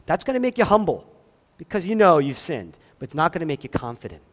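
A pastor preaching a sermon, swinging between loud emphatic lines and hushed ones, with chatty asides to the congregation. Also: male voice, high-pitched, sing-song, a little fast.

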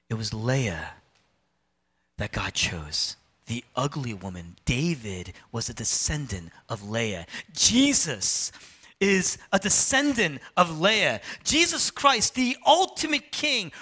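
A man preaching to his congregation in an animated way, jumping from loud emphatic lines to low, quiet asides. His voice sits a little high for a man and rides a lively, wide pitch range. The tone is bright and forward. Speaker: pastor. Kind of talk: sermon.

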